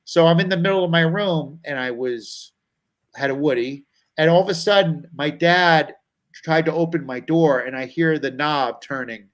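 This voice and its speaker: Animated man telling a story. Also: fairly high pitch, normal speed, low-quality recording. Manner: animated storyteller, acts out quoted voices. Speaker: comedian guest. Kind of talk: storytelling on a talk show.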